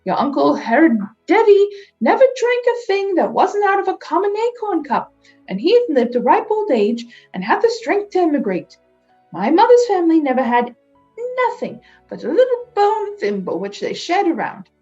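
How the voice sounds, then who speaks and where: A woman voicing a fussy, anxious little mother in a storybook reading, her voice high and quavering, over faint music. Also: sing-song, moderate pace, a little mellow, highs cut off. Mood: fretful. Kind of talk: storybook read-aloud.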